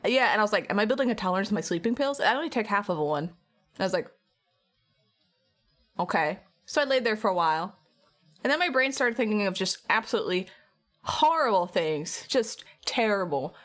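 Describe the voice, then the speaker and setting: A woman's voice: medium pitch, expressive, brisk, a bit bright. A tired young woman streamer chatting with viewers, rambling through a story and acting out her own quotes. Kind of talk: casual chat with stream viewers.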